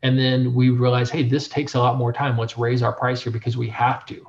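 A young adult man, a print shop owner, telling his story in a casual interview, animated and full of filler phrases. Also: medium pitch, a little fast, a little hiss or hum. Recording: dull lo-fi sound.

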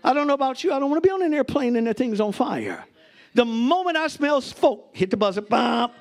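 High-voiced preaching pastor, shouting. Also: male voice, big pitch swings, a little fast. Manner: preaching with shouted peaks and laughter, talks to the congregation. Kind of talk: sermon. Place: church before a congregation.

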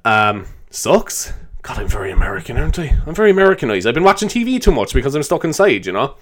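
A man's voice: medium pitch, very animated, very fast. A young man hosting a solo podcast, rambling loosely, swearing and laughing as he talks. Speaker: podcast host. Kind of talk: solo improvised podcast chat.

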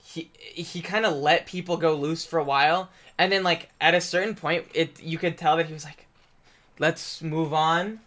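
Young guy, bright forward tone, slightly high, laid-back storyteller who drops curse words. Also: fairly even intonation, moderate pace, few pauses. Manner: laid-back, swears freely, retells stories in quoted voices. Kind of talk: casual chat.

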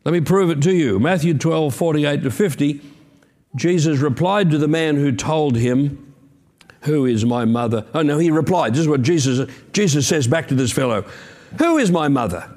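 A man's voice: fairly high pitch, normal speed, a little mellow. A man preaching a sermon as pastor, earnest and emphatic, with conversational asides.

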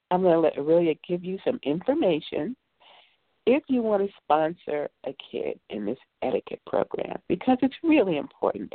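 A woman's voice: mid-range voice, no room sound. A woman hosting a talk show, telling a story in an earnest, rambling way with lots of fillers. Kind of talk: casual call-in radio talk. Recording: tinny phone-line sound.

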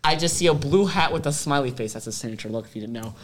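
A teenage boy co-hosting a podcast in casual chat, telling stories animatedly and acting out quotes loudly. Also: mid-range voice, quick pace. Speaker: podcast co-host.

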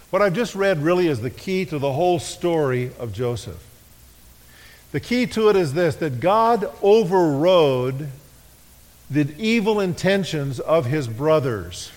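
A man preaching a sermon, leading his congregation in call-and-response and slowing to a hush on key phrases. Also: fairly high pitch. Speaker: pastor. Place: church sanctuary. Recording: echoey worship hall.

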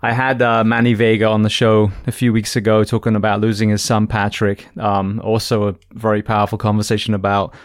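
A man hosting a podcast interview, blunt and casual, swearing and speaking fast in asides as he hands off to his next guest. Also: lowish voice, flat delivery, dry recording, studio quality. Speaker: podcast host.

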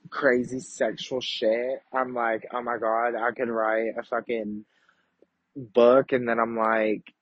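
A man's voice: medium pitch, level tone, slow pace, no echo. A young man hosting a podcast, talking in a brash, profane, campy confessional monologue. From Kentucky. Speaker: podcast host. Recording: dull lo-fi home recording.

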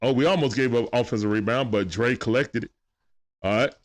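On a live stream, a man gives casual, animated play-by-play of a basketball game, greeting chat viewers between plays and talking aside to his son. He speaks briskly in a medium pitch.

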